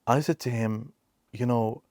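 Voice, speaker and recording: A man's voice: mid-range voice, fairly even intonation, measured pace, darkish tone, dry recording, studio quality. A man hosting a reaction video, giving earnest advice in an emphatic way and repeating key phrases for stress.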